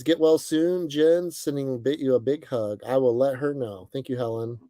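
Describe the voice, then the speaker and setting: A young man hosting a casual livestream, greeting viewers by name and chatting in a relaxed, friendly way with plenty of fillers. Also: mid-range voice, dry recording. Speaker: livestream host. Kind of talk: casual chat reading viewer comments. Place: bus, indoors.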